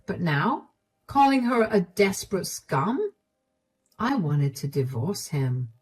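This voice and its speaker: A woman's voice: fairly low pitch, big pitch swings, slow pace, slightly rough. A woman narrating a personal story in the first person, earnest and reflective.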